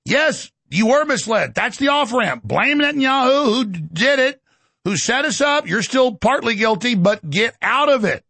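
A man hosting a talk show, ranting sarcastically with shouted bursts. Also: extremely high pitch, lively intonation, moderate pace, dry recording. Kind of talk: ranting monologue.

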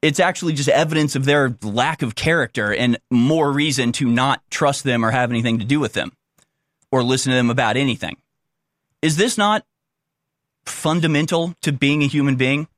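A man's voice: mid-range voice, a bit bright, no echo, studio quality. A man giving blunt, combative opinion commentary on a clip he is playing, insulting those he disagrees with.

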